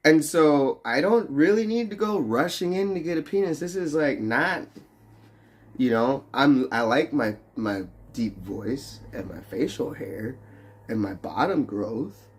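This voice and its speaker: He speaks unhurriedly at a medium pitch, slightly rough, with lively intonation. This young adult livestreamer reads his chat and jokes with viewers through profane, teasing banter and lots of laughter.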